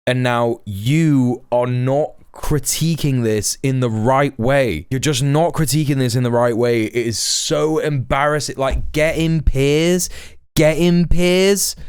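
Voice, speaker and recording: A man's voice: medium pitch, a little slow, clean tone, no room sound, studio quality. A young British man streaming a reaction, mocking and exasperated, swearing often. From Britain.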